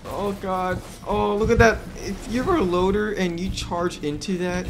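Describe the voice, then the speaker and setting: A woman doing unscripted gameplay commentary, excitable and swearing constantly, panicky and self-mocking, rambling with fillers. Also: medium pitch, normal speed, hardly any pauses, slight background noise. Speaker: gaming YouTuber.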